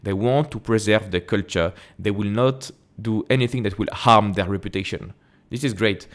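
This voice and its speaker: French-accented man commenting on an earnings report. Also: lowish voice. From France. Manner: halting reading with self-corrections and quick asides. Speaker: investing channel host.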